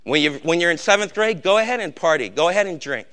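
An older man with a gray beard preaching a sermon, urging his congregation and swinging between hushed warnings and shouted exhortation. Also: fairly high pitch, lively intonation, fast talker. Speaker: pastor.

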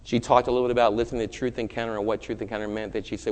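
A man who is a pastor delivering a sermon, moving from loud, urgent preaching to hushed, low storytelling. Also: level tone, rapid-fire, long reverb tail.

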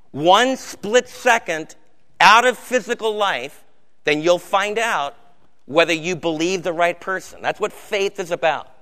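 A man's voice: high-pitched, bright, forceful tone, clean tone. A man preaching a sermon as pastor, conversational, with rhetorical questions to the congregation. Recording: hall reverb.

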